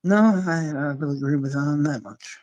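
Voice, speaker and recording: A man's voice: on the high side, normal speed, a little mellow, dull audio. A man chatting casually on a livestream, rambling and swearing as he gets worked up.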